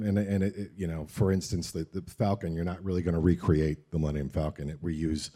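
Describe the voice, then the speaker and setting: A man, a sound designer, answering questions on a panel in a relaxed, offhand way. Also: deep voice, husky.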